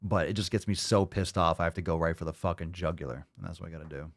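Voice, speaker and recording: A man's voice: deep voice, steady tone, quick pace, no echo. A man hosting a podcast who reacts to clips in a mocking, profane, sarcastic way. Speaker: podcast host. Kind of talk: casual podcast reaction commentary.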